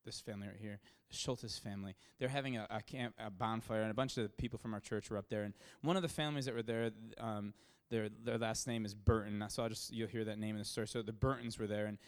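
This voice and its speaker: A pastor tells a story during his sermon in a lowish voice, talking fast with few pauses. His delivery is casual, full of fillers and restarts, and he grows louder and more excited when the story turns dramatic.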